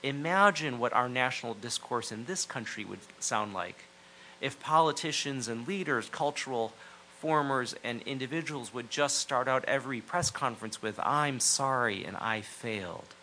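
Bright-voiced earnest male preacher. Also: mid-range voice, normal speed, slight background noise, rough recording. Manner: earnest, reflective, drops to near-hushed phrases for emphasis. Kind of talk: sermon.

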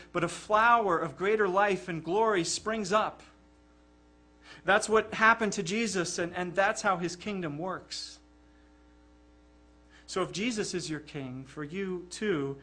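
A man's voice: high voice, sharp tone. A man preaching a sermon in an earnest, emphatic way, often repeating words as he presses a point.

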